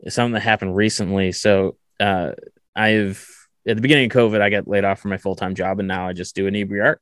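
Relaxed low-voiced male host. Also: fast talker, clear, resonant tone, dry recording, studio quality. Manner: relaxed, self-deprecating storyteller. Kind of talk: casual storytelling chat.

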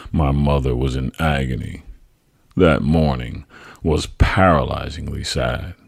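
A man's voice: very deep voice, gravelly, no echo, clean studio sound. A man narrating a family memoir as a podcast host, telling it dramatically and acting out the quoted lines. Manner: dramatic storytelling, voices quoted speech loudly. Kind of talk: memoir reading.

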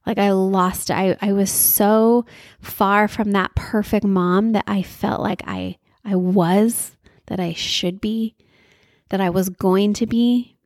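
A woman's voice: medium pitch, fairly even intonation, slow pace, a little mellow, no echo, studio quality. A woman in her thirties, a mother sharing faith stories, telling a personal story in an earnest, confiding way. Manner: earnest, confiding, acts out quoted dialogue.

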